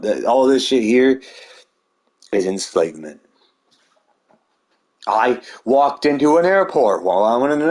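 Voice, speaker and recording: Man, ranting monologue, profane and rambling, somewhat low voice.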